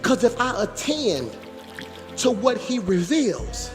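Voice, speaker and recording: A man in his forties, a pastor preaching in a church sanctuary, animated, with shouted and sing-song phrases. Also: extremely high pitch, slow pace, faint music behind. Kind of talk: sermon.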